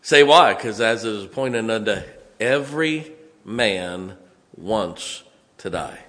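A man's voice: on the low side, expressive, takes it slowly, a bit bright. Folksy West Virginian preacher man. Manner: folksy, conversational preaching with asides and chuckles. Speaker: pastor. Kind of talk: sermon.

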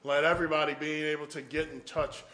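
A man's voice: a little high, flat delivery, fast talker, bright, forceful tone. A man preaching a sermon, telling a story animatedly and acting out the voices of the people in it, with sudden whoops. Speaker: guest preacher. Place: church. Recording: echoey church room.

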